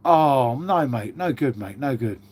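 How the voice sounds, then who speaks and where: A man's voice: mid-range voice, animated, unhurried, darkish tone, slightly rough. A man in his fifties hosting a casual live stream, rambling through stories, swearing freely and calling everyone mate. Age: 50s.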